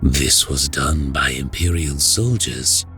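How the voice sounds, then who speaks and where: Man voicing a ragged enemy soldier, very deep, slow, hushed and clipped. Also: faint music behind, exaggerated voice. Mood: grim. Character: lean ragged enemy soldier, grim and cold.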